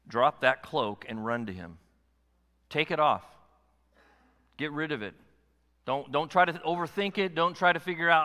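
A man preaching a sermon to his congregation, animated, swinging between hushed and forceful delivery. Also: fairly high pitch, normal speed. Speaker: pastor. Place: church sanctuary. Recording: long hall reverb.

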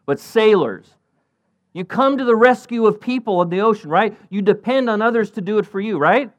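A middle-aged man preaching a sermon as pastor, animated, acting out Bible characters in a raised voice. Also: moderate pace, no room sound, dull audio. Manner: animated, acts out Bible characters with rising pitch.

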